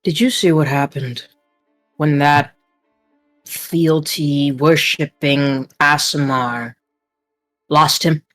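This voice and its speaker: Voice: mid-range voice, steady tone, slow, pauses often, fairly bright tone, soft background music. A player in a tabletop game speaking casually with many fillers. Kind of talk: tabletop role-play banter.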